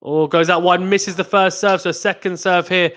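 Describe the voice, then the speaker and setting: Excitable male tennis stream commentator. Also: sits high, moderate pace. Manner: excitable, rising to exclamations on big points; reads out chat messages to viewers. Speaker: host of a live tennis watchalong stream. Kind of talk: live play-by-play commentary.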